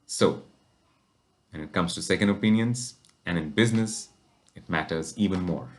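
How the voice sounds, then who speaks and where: Male exec, very low voice, measured motivational business talk with rhetorical questions. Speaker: company executive giving business advice.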